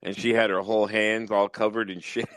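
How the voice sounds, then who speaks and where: A man's voice: lowish voice, level tone, a little fast, a bit bright, low-quality recording. A young adult man hosting a casual podcast chat, telling profane stories and getting worked up as he talks. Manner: profane, storytelling, gets worked up. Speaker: podcast host.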